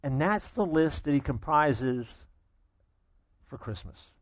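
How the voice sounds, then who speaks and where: A male pastor telling a story from the pulpit, swinging between quiet asides and loud bursts. His voice sits fairly high and moves a great deal. The sound is dry and close, with little room around it. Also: expressive, slow, no echo. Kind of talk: sermon with storytelling.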